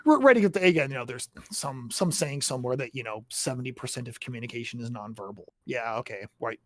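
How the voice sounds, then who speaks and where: A man's voice: mid-range voice, animated, fast talker, no room sound. A man in a casual chat about writing, explaining his points and often checking in with tag questions.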